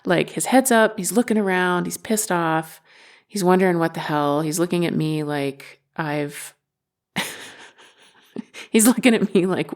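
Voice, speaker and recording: Podcast host, a woman with a gravelly voice, telling a story candidly and with self-deprecating humor. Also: lowish voice, takes it slowly, long pauses. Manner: candid, self-mocking, swears freely. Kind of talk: personal storytelling monologue.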